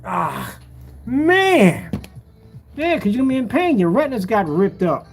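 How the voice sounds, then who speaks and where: Man, casual rant, jokey, laughs a lot, slangy, exaggerated, bouncy lively intonation. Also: high-pitched, fast, faint music behind. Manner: jokey, laughs often, mocking. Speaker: screen paint seller. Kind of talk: casual ranting commentary.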